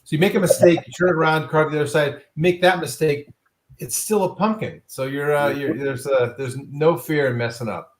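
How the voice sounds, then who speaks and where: A man's voice: a little high, a little fast. A man in casual chat, upbeat and encouraging as he talks about carving. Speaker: pumpkin carver. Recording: crowd noise behind.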